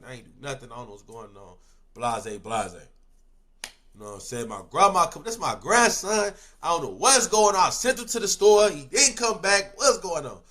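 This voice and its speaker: High, bright man telling a story. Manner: animated, swings between loud shouts and low mumbles, slangy. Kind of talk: casual story time.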